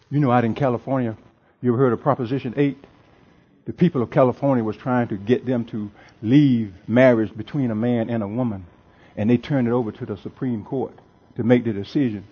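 A man's voice: mid-range voice, fairly even intonation, brisk, husky, highs cut off. A male pastor preaching a sermon to a congregation in a church. He preaches with emphasis, repeats phrases, and chuckles often.

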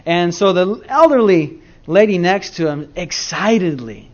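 Folksy storytelling male pastor, slightly high voice. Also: expressive, a little slow, hardly any pauses. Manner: folksy storytelling, addresses congregation directly. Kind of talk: sermon. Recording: dull lo-fi recording.

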